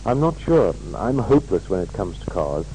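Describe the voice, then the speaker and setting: A man playing a gloomy man whose car broke down, in a scripted language-course dialogue, with a plain, measured delivery. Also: lowish voice, big pitch swings, mellow, slight background noise, poor audio. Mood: glum.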